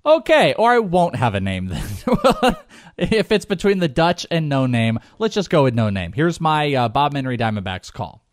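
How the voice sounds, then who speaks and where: Lively, joking podcast host man. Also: fairly high pitch. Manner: joking, rambling, quick laughs. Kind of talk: casual chat.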